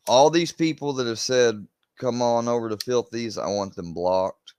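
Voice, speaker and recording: A man's voice: medium pitch, normal speed, darkish tone, clean tone, no echo. A young man, a YouTuber ranting to his viewers, agitated and swearing as he repeats himself. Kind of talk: venting rant to camera.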